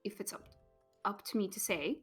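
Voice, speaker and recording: A woman's voice: medium pitch, moderate pace, a bit bright, breathy edge, faint music behind. A woman from Australia with an Australian accent, chatting casually as a co-streamer and reading out viewer requests. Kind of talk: casual live-stream chat while gaming.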